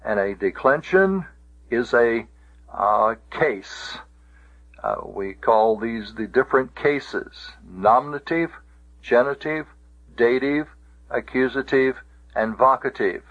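Guy teaching grammar real slow, repeats stuff, kinda muffled old recording. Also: mid-range voice, fairly bright tone. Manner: slow, methodical, spells out letters and repeats words. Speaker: Greek teacher. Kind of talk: recorded classroom lecture.

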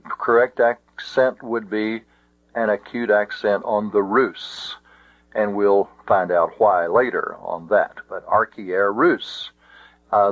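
A man teaching ancient Greek accents in a slow, methodical lecture, sounding out syllables one by one. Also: fairly low pitch, no room sound. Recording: dull dry lo-fi recording.

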